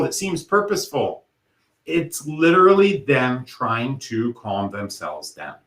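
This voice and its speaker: A man giving a workshop presentation in an earnest, conversational way, slowing down to stress key points. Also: fairly high pitch, a bit bright, roomy sound. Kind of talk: recorded presentation talk.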